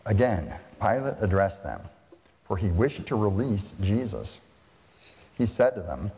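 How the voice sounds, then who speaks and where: A man reading scripture aloud as a lector, in a formal, measured way, in a reverberant hall. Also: fairly low pitch, big pitch swings, warm tone.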